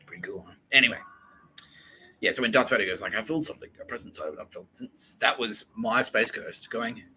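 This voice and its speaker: A man's voice: on the low side, a little fast, bright, forceful tone, slight background noise, rough recording. A man hosting a podcast in a profane, rambling monologue, laughing and acting out quotes. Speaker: podcast host.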